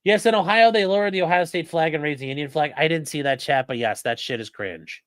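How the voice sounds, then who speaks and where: A man's voice: a little high, brisk, hardly any pauses, dry recording, studio quality. A man streaming live, reading out a deposition and reacting to his chat with sarcastic, profane remarks.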